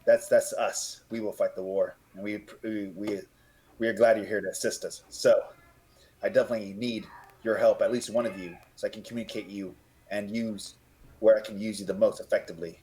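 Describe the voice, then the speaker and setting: A noble lord addresses his allies with formal, rousing words, voiced by a man running a tabletop game. It stays close to the man's own low voice, only slightly raised. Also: steady tone, brisk, mellow, close to an everyday voice. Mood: earnest. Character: noble male lord, commander rallying allies.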